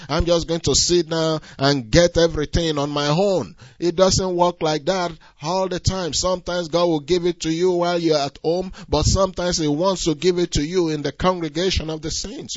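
A man's voice: on the high side, no room sound. A man preaching a sermon in an emphatic, repetitive cadence, often adding "you see". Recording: dull lo-fi recording.

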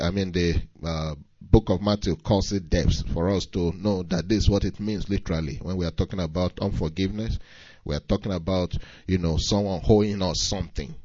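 A man's voice: low-pitched, a little mellow, dry recording, dull audio. A man preaching a sermon, reading scripture and pressing his points with rising emphasis.

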